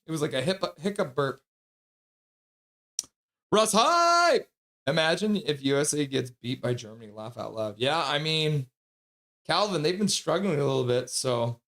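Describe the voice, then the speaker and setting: A man's voice: mid-range voice, a bit bright. A man hosting a casual livestream, chatty and sassy, reading out donations and sleep-deprived. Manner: sassy, joking. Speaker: livestream host.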